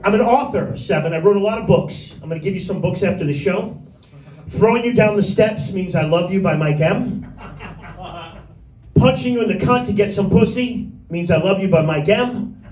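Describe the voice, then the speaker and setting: A man's voice: high-pitched, normal speed, darkish tone. A male stand-up comedian doing a crude, rambling set and talking straight at a small crowd. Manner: brash, vulgar, rambling with crowd asides. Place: small comedy room with few people. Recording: echoey room, mic from a distance.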